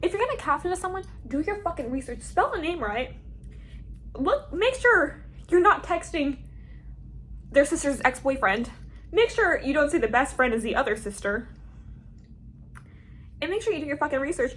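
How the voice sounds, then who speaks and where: A young woman with a notably high voice tells a storytime for her vlog. She is dramatic, animated and swears constantly as she tells it. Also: normal speed, pauses often. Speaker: vlogger.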